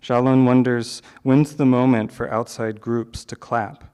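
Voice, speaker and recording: A man hosting a poetry reading, introducing the featured poet in a measured, literary delivery. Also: medium pitch, level tone, warm tone, clear, resonant tone. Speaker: event host introducing a poet. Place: live reading venue.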